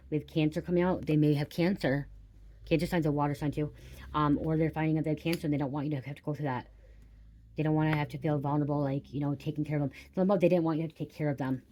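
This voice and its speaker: A woman with a low, mellow voice does a casual tarot reading, talking straight to her viewers in a chatty way. She swears often when something surprises her, and there's slight background noise.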